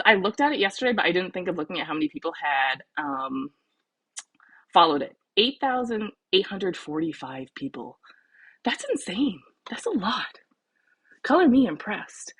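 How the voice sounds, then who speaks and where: A woman's voice: lowish voice, a bit bright, slightly rough, no echo. A woman with a Southern US accent hosting a casual livestream, chatty and laughing at herself as she talks. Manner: chatty, laughing, self-deprecating. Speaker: host.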